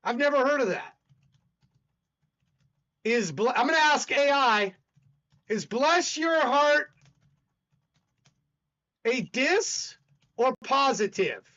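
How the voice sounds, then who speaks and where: A man's voice: extremely high pitch, animated, takes it slowly, pauses often, pushed and bright, dull audio. A man from the American South with a Southern accent, hosting a casual livestream, rambling and arguing with his chat. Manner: rambling, talks back to chat, argumentative. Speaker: livestream host.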